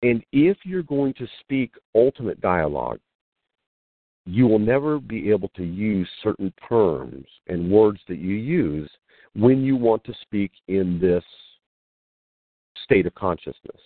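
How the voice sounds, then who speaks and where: Low, lively man on a phone-like line. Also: measured pace, no room sound. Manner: storytelling with acted-out quotes. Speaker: guest teacher. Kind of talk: spiritual teaching in conversation.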